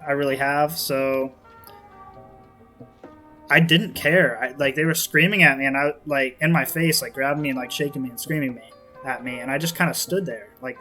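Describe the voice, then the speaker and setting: A man's voice: mid-range voice, fairly even intonation, moderate pace, sharp tone, faint music behind. A young man in his late teens, rambling through a personal story to camera, swearing a lot and filling gaps with "kinda like.". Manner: rambling, profane, lots of "kinda like" and fillers. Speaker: vlogger.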